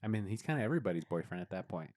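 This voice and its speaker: A man's voice: low-pitched, lively intonation, rapid-fire, darkish tone. A man hosting a podcast, teasing his guest and joking through a casual interview. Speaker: podcast host. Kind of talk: casual chat.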